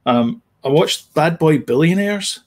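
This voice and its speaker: A man's voice: a little high, animated, measured pace, darkish tone. A man, co-hosting a podcast in casual chat, rambling with plenty of fillers and restarts. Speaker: podcast co-host.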